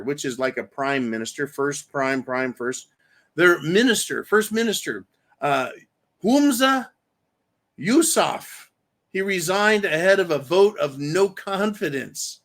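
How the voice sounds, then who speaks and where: Slow-talking ranting male commentary host. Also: fairly high pitch, lively intonation, fairly bright tone. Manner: angry, profane, reads viewer comments aloud.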